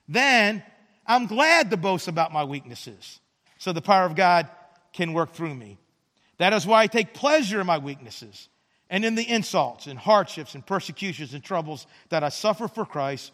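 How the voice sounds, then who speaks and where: A man preaching a sermon as a pastor, earnest, often repeating words as he restarts and dropping to soft emphasis. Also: a little high, very animated, moderate pace, big-room sound.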